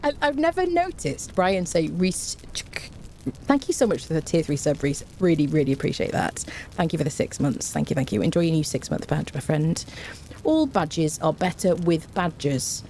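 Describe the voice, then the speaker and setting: A woman's voice: deep voice, expressive, normal speed, dark tone, a little hiss or hum. A woman chatting casually on a game live stream, rambling and thanking viewers by name.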